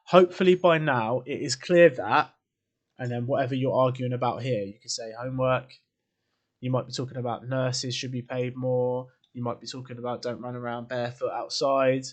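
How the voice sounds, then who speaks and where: A man's voice: mid-range voice, flat delivery, a little fast. A man teaching an English writing lesson to camera, informal and chatty, quizzing the viewer and adding asides. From England. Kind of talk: classroom lesson video.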